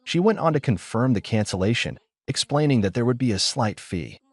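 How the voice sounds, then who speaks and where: In a dry recording, a man with a mid-range voice tells a first-person story at a steady, measured pace.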